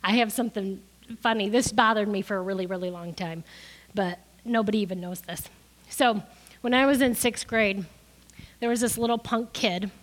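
A woman's voice: mid-range voice, moderate pace. A middle-aged woman preaching a sermon, crying as she gives an emotional testimony that builds to emphatic peaks.

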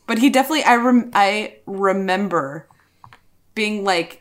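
A woman's voice: medium pitch, a little slow. A woman in casual podcast chat, talking bluntly and chattily with friends. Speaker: podcast co-host.

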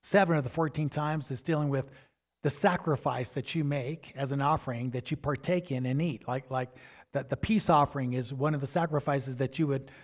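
A man preaching a teaching sermon, stressing key words emphatically and turning to his listeners with quick asides. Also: medium pitch. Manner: asides to the congregation, asks "right?".

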